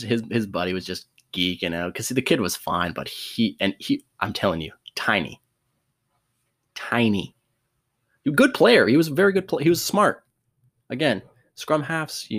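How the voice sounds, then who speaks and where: A man's voice: lowish voice, fairly bright tone. A young man telling a sports story casually, laughing often, swearing and restarting his sentences.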